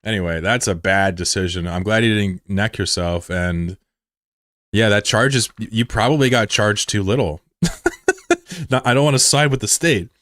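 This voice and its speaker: A man in his thirties from the United States, chatting casually on a live stream with swearing and sudden high yelps of surprise. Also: moderate pace, fairly bright tone, dry recording, studio quality. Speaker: game streamer.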